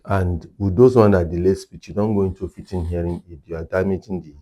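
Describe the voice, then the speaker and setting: A man's voice: low voice, fairly even intonation, fairly quick, warm tone. A man working as a hearing care clinician, explaining in an interview and repeating his key points for emphasis.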